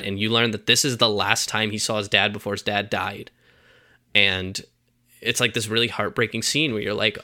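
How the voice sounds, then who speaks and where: A man's voice: on the low side, fairly even intonation, moderate pace, bright, forceful tone. A young man on a casual podcast, retelling a movie plot with lots of fillers and acted-out quotes. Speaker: podcast co-host.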